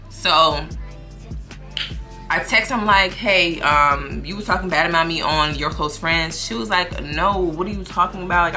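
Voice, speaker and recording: A woman's voice: on the low side, bright, forceful tone. A young woman telling a story to her viewers in a casual, slangy, profane way, often quoting what other people said.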